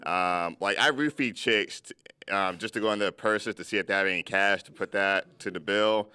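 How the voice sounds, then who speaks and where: Young male comic, low, bright and crisp, dry sound. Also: normal speed, dry recording. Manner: joking, self-mocking. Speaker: comedian. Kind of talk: comedy sketch banter.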